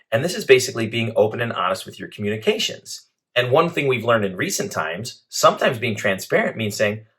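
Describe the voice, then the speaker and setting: A man teaching a leadership training lesson, methodical and clear, laying out his points one after another. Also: lowish voice, fairly bright tone. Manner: clear, methodical, speaks in lists.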